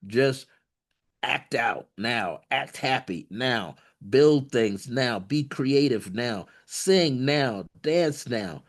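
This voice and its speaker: A man's voice: mid-range voice, expressive, extremely slow. A man leading a channeling session, relaying messages from spirit beings, laughing often and repeating phrases playfully. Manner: laughs often, warm repetitions, playful corny humor; switches between relayed beings and quoted voices.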